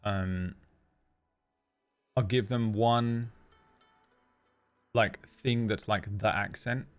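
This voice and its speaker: A man's voice: lowish voice, steady tone, very slow, clean tone, faint music behind. A young man and game master chatting casually, joking about himself and swearing freely. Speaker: game master and show regular. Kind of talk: casual podcast chat.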